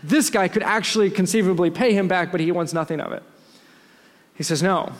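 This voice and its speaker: A man's voice: high-pitched, fast. A man with a slightly raised voice preaches a sermon, explaining the text conversationally and breaking into asides. His words ring out with a long reverb, as if spoken in a big hall. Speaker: pastor.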